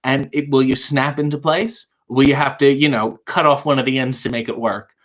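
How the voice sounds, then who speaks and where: A man runs a casual late-night livestream, answering viewers' questions one by one. His voice sits at an ordinary middle pitch, and his delivery stays dry and wry, with quick deadpan jokes between questions. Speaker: livestream talk show host reading viewer chat.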